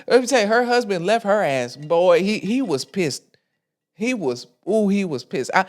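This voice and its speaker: Animated, profane woman ranting. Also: mid-range voice. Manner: animated, profane, laughs often. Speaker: podcast host. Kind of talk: casual ranting commentary.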